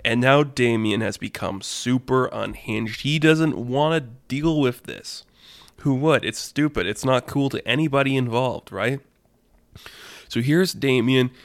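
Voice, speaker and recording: A man's voice: medium pitch, a little slow, dry recording. A man telling an improvised story in a rambling, filler-heavy way, laughing at his own jokes.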